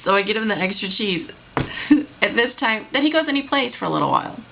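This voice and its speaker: A woman recounts a story from her job in a lively storytime vlog, sounding exasperated as she goes. Her voice sits at a middle pitch. The recording is dull and lo-fi. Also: a little fast, gravelly, slight background noise. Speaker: vlogger telling a work story.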